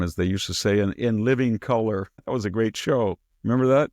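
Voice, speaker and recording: Animated man with a low voice. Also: fairly quick, no echo, clean studio sound. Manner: animated storyteller, quotes people in mimicking asides; chuckles mid-sentence. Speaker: podcast host. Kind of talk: casual political commentary.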